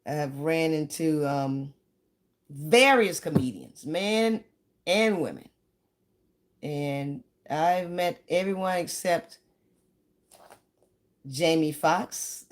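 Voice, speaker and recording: A woman comedian telling stories in a chatty, rambling way, now and then breaking into sudden shouts and sung bits. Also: deep voice, animated, slow, pauses often. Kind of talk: casual stand-up storytelling.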